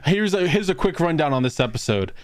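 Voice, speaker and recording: A man's voice: a little high, very animated, a little fast. A man co-hosting a podcast, recapping an anime with laughter and exaggerated quoted lines. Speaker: podcast co-host. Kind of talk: casual chat recapping an anime.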